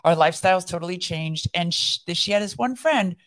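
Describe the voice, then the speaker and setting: Woman, very low voice, earnest and reflective, casual faith chat. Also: brisk. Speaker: podcast co-host.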